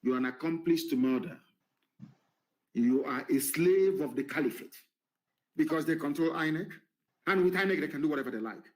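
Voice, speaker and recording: A man gives a fiery political address. His voice sits somewhat high for a man. He hammers his points home with repetition and drops in a deliberate "should I say" as he searches for words. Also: rough recording. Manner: emphatic and defiant, repeats phrases, pauses with "should I say". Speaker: political leader addressing followers. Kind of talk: impassioned political broadcast.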